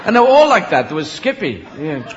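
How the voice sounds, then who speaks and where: A man's voice: fairly high pitch, wildly swooping pitch, fairly quick, noisy background. A male stand-up comedian rambling playfully through a bit with many restarts, recorded live in a large venue. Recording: lo-fi live hall recording with crowd. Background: audience laughter and ambience.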